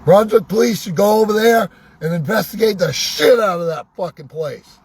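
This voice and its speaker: Hoarse, high-voiced man ranting sarcastically. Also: animated, normal speed, darkish tone. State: hoarse, losing his voice. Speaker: vlogger. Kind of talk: angry ranting monologue. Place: inside a vehicle.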